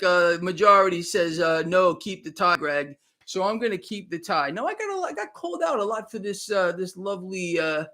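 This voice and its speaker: A man's voice: high voice, bright, forceful tone. A man hosting a live stream of market commentary, talking straight to his viewers with sarcastic, exclaiming emphasis.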